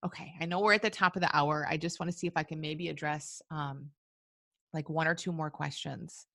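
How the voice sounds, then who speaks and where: A woman's voice: deep voice, steady tone, fairly quick, pushed and bright, dry recording, clean studio sound. A woman hosting a live webinar, answering listener questions in a reflective way with many fillers. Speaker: webinar host and coach.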